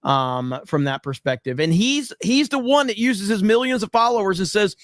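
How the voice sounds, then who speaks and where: A man with a fairly high voice hosts a podcast and rants bluntly, swearing freely as he reacts to clips. The sound is dry and close, with no room around it. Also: sing-song, normal speed, hardly any pauses, no echo. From USA. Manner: blunt and profane, heated. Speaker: podcast host. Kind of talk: casual political commentary.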